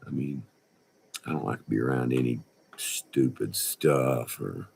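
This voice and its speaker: Older man in his sixties, low-voiced, unhurried, folksy profane storyteller. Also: creaky, darkish tone, a little hiss or hum. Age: 60s. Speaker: vlogger. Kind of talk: rambling storytelling. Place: indoors by a window.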